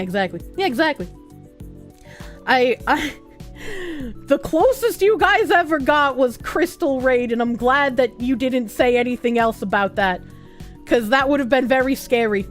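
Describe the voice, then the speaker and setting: A young woman streaming, chatting casually and reading out viewer messages, animated and profane, with bursts of giggling. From United States. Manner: animated, giggly, profane, with squealing high laughs.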